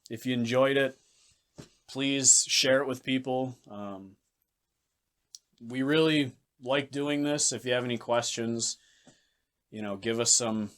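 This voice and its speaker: A man co-hosting a sports podcast in casual chat, blunt and ranting, swearing freely as he makes his case. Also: mid-range voice. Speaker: podcast co-host.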